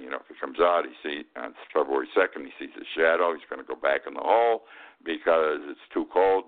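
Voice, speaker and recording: Older guy with a really deep voice doing a talk radio rant, kinda folksy and wry, sounds tinny like a phone. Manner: folksy, wry storytelling with chuckles. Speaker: radio talk show host. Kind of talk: opinionated talk radio monologue.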